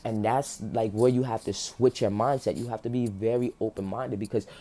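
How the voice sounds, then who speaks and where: Here the faith vlogger talks in a mellow, fairly low voice with fairly even intonation and a normal pace. His motivational monologue to viewers is emotional, earnest and passionate, peppered with "like," and he sounds on the verge of tears.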